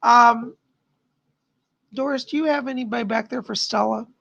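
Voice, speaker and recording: A man hosting a live stream of psychic readings, chatty and animated, his voice tiring. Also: very high-pitched, moderate pace, creaky, dry recording, dull audio. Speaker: psychic medium host.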